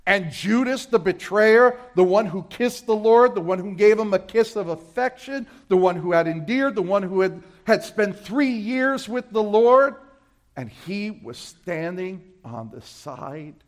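Expressive and unhurried, this pastor from Brooklyn preaches with a New York accent. He trades loud, emphatic scripture readings for quiet asides spoken low.

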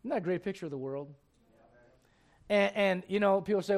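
High-voiced preacher, soft then shouting. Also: male voice, lively intonation, fast talker, gravelly, long pauses. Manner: swings from hushed tender passages to loud shouting bursts; repeats words, folksy asides to the congregation. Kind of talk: sermon.

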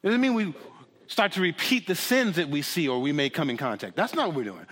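Man, pastor, sermon, high animated voice, bright edge, dramatic, long church reverb. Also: a little fast. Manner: dramatic, shifts from shouting to hushed.

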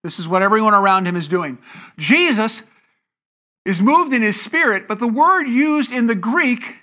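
Bright-voiced pastor preaching to a congregation. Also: mid-range voice, expressive, moderate pace. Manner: asks the congregation rhetorical questions and answers them; stretches out key words for emphasis. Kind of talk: sermon teaching. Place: church before a congregation.

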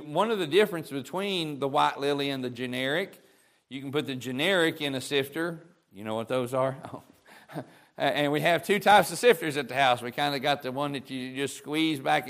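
With a voice that's a little high and a bit bright yet still mid-range, this preacher delivers a folksy, homespun sermon at an ordinary pace, speaking to listeners as though across a kitchen table. He circles back and repeats words as he restarts and gathers his thoughts.

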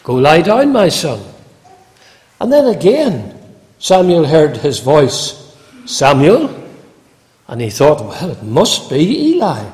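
Slow, lively-voiced preacher in a reverberant hall. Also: male voice, fairly high pitch. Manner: slow, measured preaching with emphatic quoted scripture. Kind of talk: sermon.

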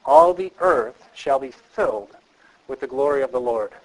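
A man with a mid-range, creaky voice swings hugely in pitch while lecturing counselors at normal speed. Earnest and emphatic, he repeats key phrases and asks the class rhetorical questions, recorded in low quality.

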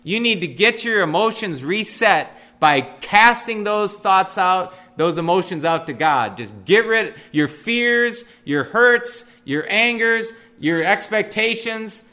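A man giving a conversational Sunday school sermon, animated, with casual asides. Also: high-pitched, slow pace, few pauses. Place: church classroom.

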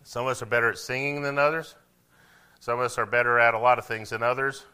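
Male pastor, sermon, bright cutting tone, animated and emphatic. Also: mid-range voice, quick pace, clear, resonant tone. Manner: animated preaching, swings from quiet asides to loud emphatic declarations.

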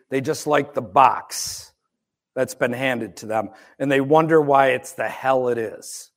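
A man's voice: mid-range voice, measured pace. A middle-aged man, a pastor from the United States, preaching a sermon in a conversational, wry storytelling way with asides.

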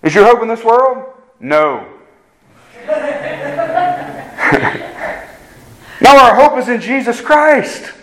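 A man's voice: extremely high pitch, animated, very slow, long pauses, a bit bright, a little hiss or hum, poor audio. A man preaching a sermon as pastor, earnest and emphatic, often checking in with the congregation and restarting his words. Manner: repeats words when starting sentences.

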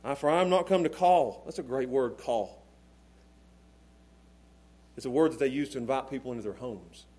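A man preaching a sermon with passion, dropping to a hush and then rising to shouts. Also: medium pitch, moderate pace, long pauses. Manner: impassioned, swinging from hushed to shouting.

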